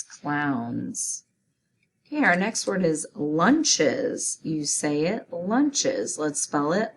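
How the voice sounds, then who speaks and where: Slow-spoken woman teacher sounding out words. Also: on the low side, a little hiss or hum. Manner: slow, deliberate, sounding out letters and syllables. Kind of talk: spelling lesson for children.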